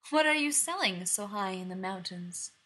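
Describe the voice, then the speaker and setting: A clever, gentle young princess, as a woman reading the tale puts her on, soft and polite. The voice is bright with a breathy, husky grain. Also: medium pitch, expressive, moderate pace.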